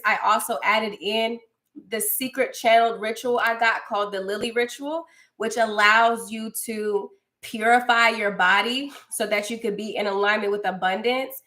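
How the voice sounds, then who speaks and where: A young woman talks to her viewers in a loose, effusive way, often addressing them as girl. Her voice sits a little higher than most women's. She keeps it chatty and spontaneous. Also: fairly bright tone. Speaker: livestream host and spiritual coach. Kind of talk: casual livestream chat reading comments.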